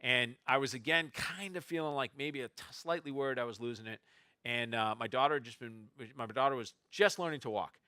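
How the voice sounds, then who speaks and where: Man, forceful bright tone, dry close sound, animated wry storytelling. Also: medium pitch, fairly quick, smooth, dry recording. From Boston, USA. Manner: animated, wry anecdotes with restarts. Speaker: novelist speaking at a festival. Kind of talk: storytelling talk to an audience. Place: festival stage before an audience.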